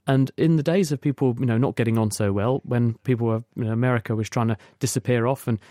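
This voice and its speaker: A man's voice: medium pitch, fast, dark tone, dry recording, studio quality. A man explaining science on a radio call-in show, patiently and at length. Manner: explains patiently in long spoken sentences with restarts. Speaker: science expert guest.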